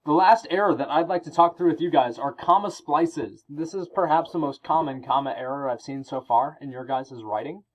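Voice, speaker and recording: A male teacher explaining grammar rules in a recorded lesson, reading example sentences aloud and pausing between items. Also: on the high side, highs cut off.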